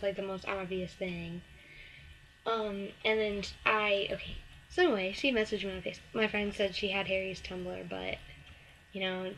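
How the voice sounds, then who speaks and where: A teenage girl rambles through a gossip story to her webcam, peppering every sentence with "like" and "um". Her voice sits at an ordinary middle pitch. A faint hiss runs under her bedroom recording. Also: a bit bright, low-quality recording. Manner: chatty, lots of "like" and "um", acts out the other girl in a snippy higher voice. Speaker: vlogger. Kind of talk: casual storytelling to camera.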